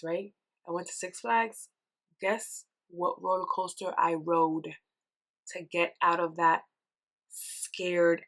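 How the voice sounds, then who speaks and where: A young woman hosting a casual solo podcast, chatty and animated, telling stories and acting out her own reactions, with lots of "girl" and "like.". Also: lowish voice. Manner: says "girl" and "like" often. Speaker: podcast host.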